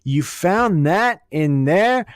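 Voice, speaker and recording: A man's voice: fairly high pitch, very animated, measured pace, no echo, studio quality. A man putting on a prim, falsely aghast old woman. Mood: mock-aghast. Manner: mock-proper, feigned astonishment. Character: prim, falsely shocked older woman hoarder.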